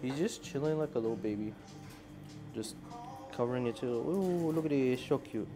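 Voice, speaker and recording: A man of middling pitch films himself on a handheld phone in an indoor animal cafe. He talks casually and sweetly coaxes the animals, often rising with excitement. Clear music plays in the background. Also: moderate pace. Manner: excited, coaxing pets in a playful voice. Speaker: vlogger. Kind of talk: casual vlog talk. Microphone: handheld phone camera.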